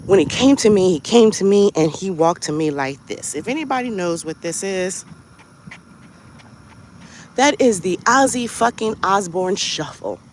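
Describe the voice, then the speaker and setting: With slight background noise, a medium-pitched podcast host narrates a story outdoors while on a walk. It's a casual monologue, animated and profane, peppered with rhetorical questions.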